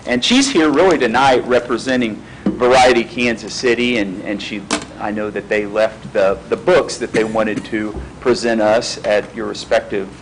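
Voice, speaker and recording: Low-voiced man introducing a guest. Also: background noise. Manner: halting, many fillers and restarts. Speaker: school district leader introducing a guest. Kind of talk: formal introduction at a board meeting. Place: meeting room.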